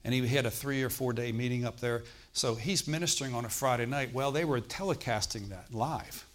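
A man's voice: mid-range voice, brisk. A man preaching a sermon, telling a personal testimony in a conversational way and often checking in with the congregation. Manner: conversational preaching, frequent "Okay?" check-ins.

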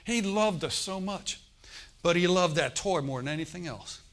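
A middle-aged man preaching a sermon, telling stories and acting out the voices of the people in them, swinging from hushed to loud. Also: high voice, expressive, normal speed. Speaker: pastor. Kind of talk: sermon storytelling.

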